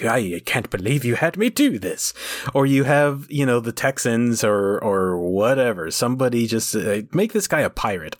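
Man, podcast co-host, casual chat, wry, rambling, slow, dry close sound. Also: mid-range voice, no echo. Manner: wry, tangent-prone storyteller.

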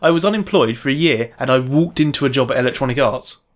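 A man's voice: medium pitch, lively intonation, quick pace. A man in casual podcast chat, enthusiastic and swearing freely as he goes off on tangents. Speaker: podcast co-host.

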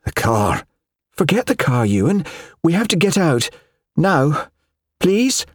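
A man reading aloud, voicing a tense wife who snaps shrilly and then fights to sound calm, in a raised, strained voice. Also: a little high, slow pace, husky, no room sound, clean studio sound, voice pushed up, heavily acted. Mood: urgent pleading.

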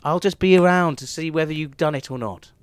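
A man's voice: on the high side, a little fast, smooth, no echo. A man improvising comedy role-play, playful and sweary, rambling as a games master character.

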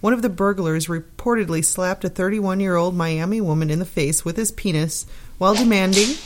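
A woman's voice: fairly low pitch, fairly quick. Woman reading a news story aloud. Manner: giggly reading. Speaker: podcast panelist.

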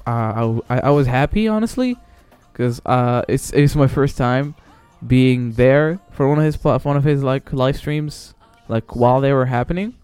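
A man hosts a solo podcast, talking off the cuff with plenty of swearing and false starts. His voice is smooth and sits dry and close on the mic. Quiet music runs underneath. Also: mid-range voice, normal speed, no echo. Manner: rambling, swearing, lots of fillers and restarts. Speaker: podcast host. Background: faint background music.

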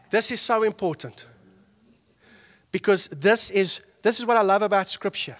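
A pastor preaching a conversational sermon, moving from hushed asides to loud, excited peaks and acting out the people he quotes. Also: high-pitched, moderate pace.

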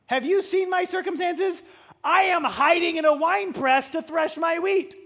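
Brief: a fearful young farmer with a high, whiny voice, put on by a male preacher. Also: wildly swooping pitch, a little fast, exaggerated voice. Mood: protesting. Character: timid, self-doubting young male farmer.

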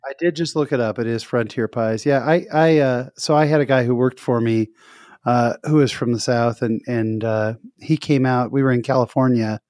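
A man's voice: medium pitch, fairly even intonation, normal speed, darkish tone, no room sound. Chatty man hosting, dry close sound. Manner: chatty, repeats words, acts out voices in anecdotes. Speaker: interview host. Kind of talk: casual interview chat.

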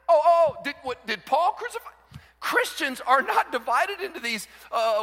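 A man delivers a sermon from the pulpit, his bright, forceful voice rising and falling with big swings in pitch. He acts out the people he quotes and moves from hushed asides to sudden shouts. A long reverb trails behind him, as in a large hall. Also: very animated, a little slow, creaky. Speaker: pastor.

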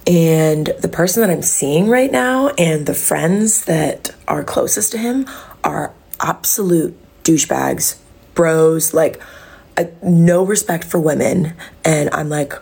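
A woman's voice: low voice, takes it slowly, vocal fry, breathy edge. A young woman telling a dating story on a podcast, acting out the voices of the people in it and swearing freely. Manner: animated, acts out quotes, swears freely. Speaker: podcast host. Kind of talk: casual storytelling chat.

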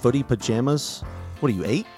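A man's voice: medium pitch, expressive, a little fast, darkish tone, faint music behind. A young man hosting a comedy podcast, fumbling through ad-read takes with swearing and frequent giggling fits. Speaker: podcast host reading an ad. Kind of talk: ad-read outtakes, casual banter.

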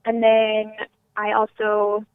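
A woman's voice: mid-range voice, takes it slowly, smooth, dry recording. Woman from Texas on a tinny line. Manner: relaxed, laughing, a little shy. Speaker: guest, PR woman. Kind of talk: casual interview. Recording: tinny phone-like call line.

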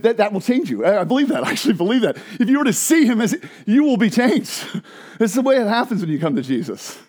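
A man preaching an evangelistic sermon with passion, swinging from hushed low phrases to loud emphatic ones. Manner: frequent laughs and restarts. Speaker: pastor.

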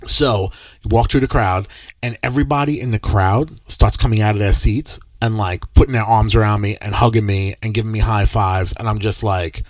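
Young male podcast co-host, lower voice, lively storyteller who voices the people he quotes. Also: normal speed, dry recording. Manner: animated, acts out quoted dialogue. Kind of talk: casual storytelling chat.

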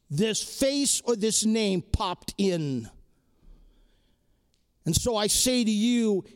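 A man preaching a sermon to students and faculty, earnest and exhorting, repeating key phrases and ending in prayer. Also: high-pitched. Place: crowded hall or chapel.

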